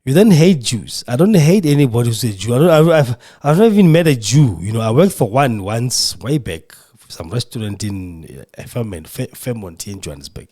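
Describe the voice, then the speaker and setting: A man's voice: mid-range voice, very animated, moderate pace, warm tone. A man hosting a podcast, speaking in an impassioned, emotional monologue with a preacher's fervor. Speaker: podcast host. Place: radio studio.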